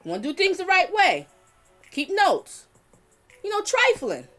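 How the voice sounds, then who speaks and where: A woman's voice: very high-pitched, wildly swooping pitch, unhurried, sharp tone, faint music behind. A woman, hosting a livestream in a blunt, outspoken way, swearing and talking to her chat. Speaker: livestream host. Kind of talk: casual livestream talk.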